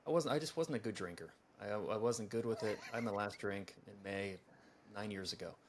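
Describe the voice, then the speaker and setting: Lowish guy host, rambles, says like a lot. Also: brisk. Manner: rambling, heavy use of "like". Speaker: podcast host. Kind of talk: casual interview talk.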